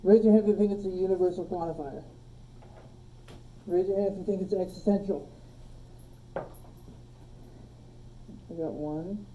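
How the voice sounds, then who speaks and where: A woman teaching a logic class, relaxed, quizzing her students and joking with them, recorded on a phone in a classroom. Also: on the low side, normal speed, pauses often, far from the mic, muffled recording, a little hiss or hum. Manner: relaxed, asks the class questions and jokes. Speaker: logic instructor. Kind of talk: classroom lecture. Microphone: phone streaming the class.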